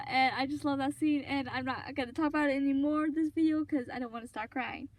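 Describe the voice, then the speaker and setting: A woman's voice: high voice, fairly even intonation, fast talker, hardly any pauses, no echo. A woman hosting a fan video, retelling a favorite scene in a rambling, gushing way with lots of ums and restarts. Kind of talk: casual fan commentary vlog.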